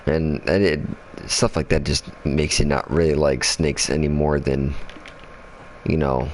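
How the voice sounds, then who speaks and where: A man's voice: very deep voice, flat delivery, a little slow, slight background noise. A man telling a story in casual chat while playing a game, swearing constantly and rambling with fillers. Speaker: gaming channel host.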